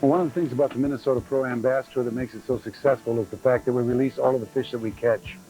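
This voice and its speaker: A man's voice: mid-range voice, quick pace, over music, low-quality recording. A man steadily explaining how the tournament takes care of the fish it catches. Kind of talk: explanatory interview.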